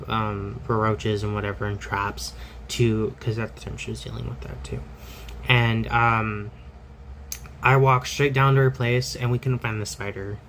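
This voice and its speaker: A man's voice: mid-range voice, a bit bright, a little hiss or hum, low-quality recording. Candid, rambling man telling a story. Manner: rambling, candid, many fillers and restarts. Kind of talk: personal storytelling.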